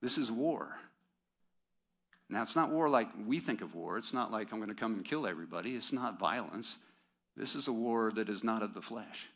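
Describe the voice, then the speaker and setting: A man with a fairly low voice preaches a sermon at a church service. He talks to the congregation in a conversational way, asking rhetorical questions and tossing in quick asides. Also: lively intonation, a bit bright. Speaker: pastor.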